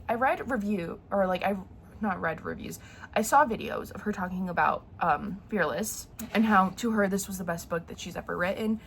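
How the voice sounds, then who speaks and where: Young female book vlogger, stuffy and nasal from a sore throat, rambling and emotional, faint hiss under the mic. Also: mid-range voice. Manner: chatty and emotional, full of fillers and restarts. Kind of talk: casual chat.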